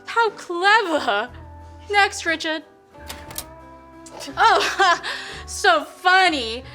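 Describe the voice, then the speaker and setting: A woman's voice: extremely high pitch, lively intonation, very slow, bright, forceful tone, soft background music, full character voice. A woman putting on a chipper 1950s Minnesota housewife with an old-fashioned Minnesota accent, sweet and folksy, demonstrating a recipe in character. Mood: sweet, prim. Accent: put-on old-fashioned Minnesota. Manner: sweet, prim, folksy, with coy innuendo. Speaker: cooking show presenter in character. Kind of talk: comic character cooking demo.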